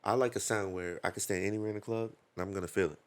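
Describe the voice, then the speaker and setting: A man who works as a DJ, chatting casually as a podcast guest and acting out quotes with lively voices. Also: lowish voice, very fast.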